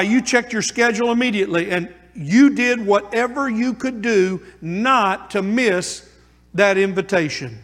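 A man preaching a sermon as pastor, moving between hushed asides and emphatic calls. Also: high-pitched. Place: church sanctuary. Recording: long church reverb.

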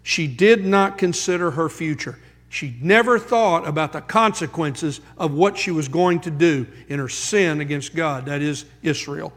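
A man preaching a sermon as pastor, quoting scripture and building to emphatic high points. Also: a little slow, fairly bright tone, in a large hall.

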